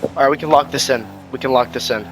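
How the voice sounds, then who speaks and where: A man streaming ranked gameplay, commenting live and trash-talking with sudden shouts. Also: medium pitch, quick pace, music in the background.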